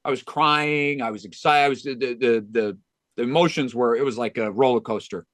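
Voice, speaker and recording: An earnest man in a podcast interview tells a story from the heart, stumbling into restarts and filling gaps with "you know". His voice sits at an ordinary middle pitch. The recording is close and dry. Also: normal speed, a bit bright, no room sound. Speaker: golf club director of instruction, podcast guest.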